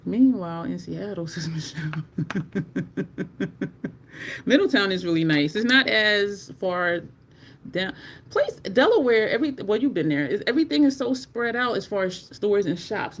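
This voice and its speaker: Livestream beauty host, casual chat, animated, talkative, mid-pitched voice, faint background hiss. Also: measured pace. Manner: chatty and animated, addresses viewers as y'all. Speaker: livestream host reviewing makeup.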